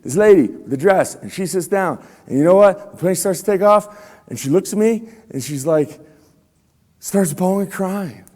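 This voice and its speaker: A man's voice: high-pitched, animated, moderate pace, a little mellow. A man giving a motivational talk to students, in a casual, slangy way, often quizzing the audience. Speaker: motivational speaker. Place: school room with students. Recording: long hall reverb.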